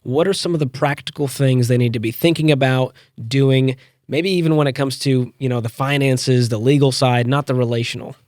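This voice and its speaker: A man's voice: mid-range voice, fairly even intonation, brisk, a little mellow, no room sound, clean studio sound. A man hosting an interview, affirming the guest and steering with short questions. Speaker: interview host.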